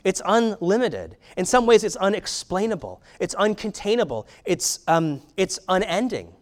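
A man's voice: sits high, sing-song, normal speed. A man preaching a sermon in a conversational way, with filler words and rhetorical questions. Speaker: pastor.

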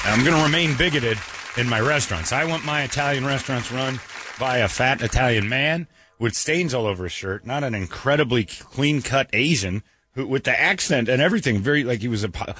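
A man's voice: medium pitch, lively intonation, fairly quick, bright, forceful tone, a faint crowd, slight background noise. A middle-aged man hosting a radio show, telling a rambling, self-mocking story in a casual joking way.

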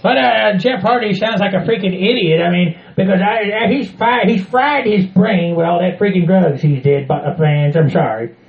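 A man's voice: sits high, moderate pace, gravelly, roomy sound, narrow, tinny audio. A man co-hosting a wrestling podcast, ranting in a crude, rambling, folksy way. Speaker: podcast co-host. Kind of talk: casual wrestling chat.

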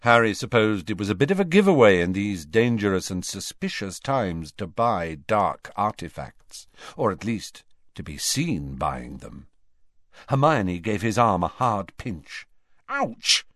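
Man reading an audiobook, low voice, lots of up and down, dry close sound. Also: very animated, a little slow, a bit bright, dry recording. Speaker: audiobook reader. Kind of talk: audiobook narration.

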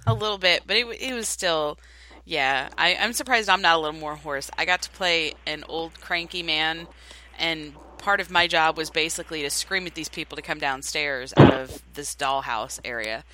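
A woman co-hosting a casual talk show, chatting in an upbeat way with quick asides. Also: sits low, bright, forceful tone, a little hiss or hum. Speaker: podcast co-host. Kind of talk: casual chat. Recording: dry close sound.

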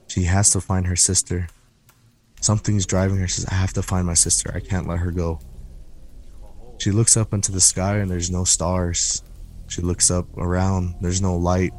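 A man telling a scary story on a podcast, slow and suspenseful, often repeating words for effect. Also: deep voice, a little mellow. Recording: music playing under the voice.

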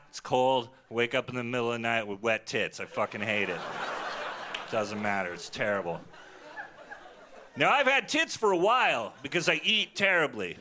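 A man's voice: on the high side, bright, forceful tone. A man in his forties doing a crude, self-mocking stand-up set on a festival stage. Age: 40s. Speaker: stand-up comedian. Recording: live stage recording with crowd. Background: audience laughter.

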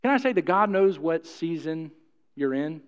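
In a church hall, a middle-aged pastor preaches to his congregation in a folksy, jokey style, repeating himself and asking the room questions. His voice is on the high side, expressive, and clear with a resonant tone at a moderate pace, though the recording is muffled and carries long hall reverb.

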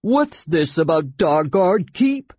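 A reader voicing a boastful, pompous male hobgoblin lord who talks loudly and brags. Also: medium pitch, big pitch swings, slow, slightly rough, dry recording, dull audio, exaggerated voice. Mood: blustering. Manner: loud, blustering, self-important.

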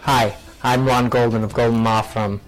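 A flat, blunt lawyer pitching his firm in a spoof commercial, as a man plays him. His voice sits mid-range, with faint music under it. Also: moderate pace, natural voice, rough recording. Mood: deadpan.

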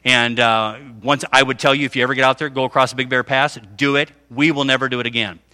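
A man's voice: mid-range voice, fairly even intonation, fast, pushed and bright, clear, resonant tone. A middle-aged man preaching a conversational sermon, often checking in with his listeners. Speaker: pastor.

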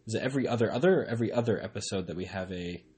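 A young man co-hosting a casual podcast, talking loudly and rambling with giggles, recorded on a tablet microphone. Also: lowish voice, racing, breathy edge. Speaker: podcast co-host. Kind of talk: casual banter.

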